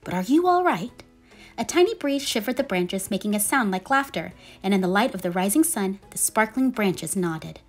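Woman, children's book read-aloud, gentle, lively melodic voice, soft music behind. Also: medium pitch, normal speed, hardly any pauses. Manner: gentle, expressive storytelling. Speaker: storybook reader.

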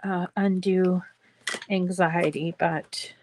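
A woman's voice: on the low side, little pitch movement, slow, darkish tone, a little hiss or hum. A woman hosting a casual craft tutorial, chatting to her viewers in a rambling way with many fillers. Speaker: craft show host.

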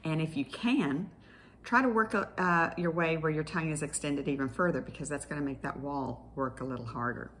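Woman therapist, low voice, patient clinical explainer, faint hiss behind, instructional class tone. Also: normal speed, a bit bright. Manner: patient, explanatory, clinical terms with small restarts. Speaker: speech-language pathologist teaching an exercise class.

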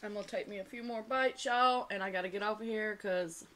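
A woman's voice: medium pitch, brisk, fairly bright tone. A woman hosting an eating show, chatting casually and talking straight to her viewers. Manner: chatty, addresses viewers as y'all. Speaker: mukbang channel host.

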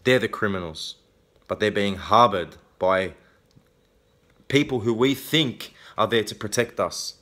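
A lowish, sharp-toned, unhurried male voice: an Australian vlogger, angry and ranting straight to camera. He swears a lot and punctuates his points with repeated, challenging "okay?" tags.

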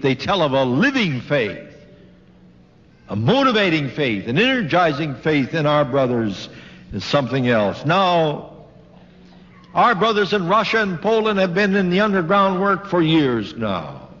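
A man's voice: on the high side, big pitch swings, a little slow, a bit bright. An older man giving a sermon to a congregation, retelling a story with dramatic quoted voices. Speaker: preacher giving a talk. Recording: old lo-fi recording in a large reverberant hall.

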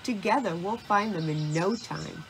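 A small, friendly mouse, voiced by a woman reading a children's storybook, speaks gently and kindly. The voice stays close to the reader's own. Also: on the low side, unhurried, vocal fry, slight background noise, rough recording.

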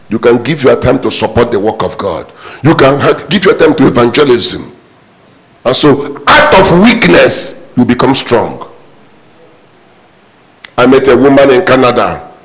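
A man's voice: mid-range voice, big pitch swings, unhurried, a bit bright, slight background noise, poor audio. A man preaching a sermon as pastor, emphatic and repetitive, his voice leaping up on sudden exclamations.

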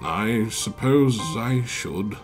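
A man voicing a large, shy and gentle male engine who speaks softly and nervously, in a fan storybook reading. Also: lowish voice, animated, very slow, music in the background. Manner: soft-spoken, nervous, stammering.

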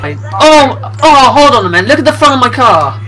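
A young man chats excitedly over a game, his voice swinging widely in pitch and cutting through bright and sharp. He breaks into loud shouts and laughs. Faint game music sits behind him. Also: a little fast, poor audio. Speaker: gamer, channel host. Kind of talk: excitable gaming chat.

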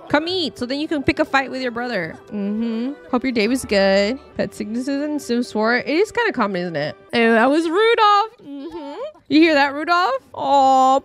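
A young woman with a fairly high, very lively voice, streaming a game in chatty commentary. She giggles, gasps and exclaims at what she sees, with soft game music playing behind her on a desk mic. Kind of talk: live gameplay commentary. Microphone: desk microphone.

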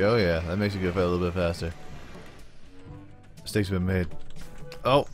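A man's voice: lowish voice, moderate pace, long pauses, faint music behind. A man hosting a let's-play, chatting casually in slang, rambling and talking to himself as he plays. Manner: excitable, slangy, rambling, talks to himself while playing. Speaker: gaming channel host.

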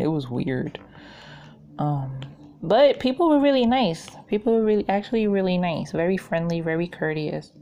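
A woman's voice: low-pitched, darkish tone, slight background noise. A woman, hosting a craft channel and telling rambling stories in a casual chat while she works, laughing often. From New York.

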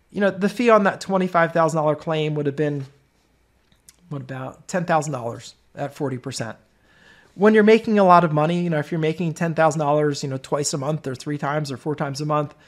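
A middle-aged man hosting a webinar, telling stories in a chatty way with many asides. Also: fairly high pitch. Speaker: webinar host. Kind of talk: webinar sales talk.

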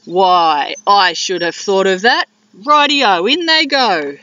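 Sly boastful male dingo cook, slow and lively in pitch, read by a woman, storybook. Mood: cunning. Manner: slow sing-song chanting. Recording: dull lo-fi video sound.

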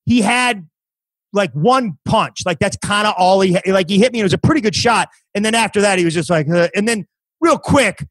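A man's voice: sits high, lively intonation, brisk, a bit bright, dry recording, rough recording. A man in his fifties, a comedian guest on a podcast, telling a story in casual chat with many restarts and false starts. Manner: rambling with many restarts and acted quotes.

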